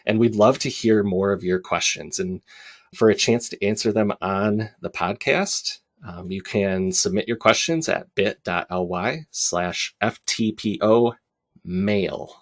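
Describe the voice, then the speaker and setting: A man's voice: on the low side, unhurried, no room sound. A man hosting a podcast, chatting with light laughter and then reading out announcements steadily. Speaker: podcast host. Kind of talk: casual podcast chat with announcements.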